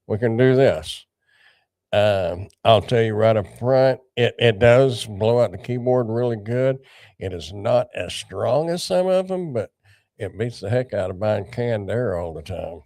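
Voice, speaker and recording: A man's voice: fairly low pitch, gravelly, mellow, no room sound, clean studio sound. An older man hosting a casual livestream, rambling and greeting viewers by name. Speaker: livestream host.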